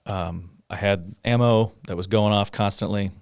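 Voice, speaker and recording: A middle-aged man speaks in a lowish voice, close and dry with no room sound. He talks in a halting, conversational way, stopping often on fillers. Now and then he breaks into a rueful laugh as he tells a personal story to an interviewer. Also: steady tone, darkish tone, smooth, no echo. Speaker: guest, police officer.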